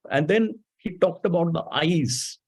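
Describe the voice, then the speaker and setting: A man's voice: fairly high pitch, unhurried, darkish tone, breathy edge, poor audio. A middle-aged man speaking in a webinar talk, telling a coaching story in a reflective way and acting out the lines of the people in it. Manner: reflective, acts out quoted dialogue.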